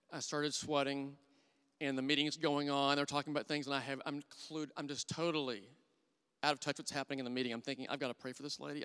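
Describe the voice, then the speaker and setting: A middle-aged man with a fairly high, smooth, resonant voice delivers a sermon built on personal stories, earnest and warm with conviction. He drops to a hushed voice when quoting thoughts, and his words ring through a church hall with a long reverb tail.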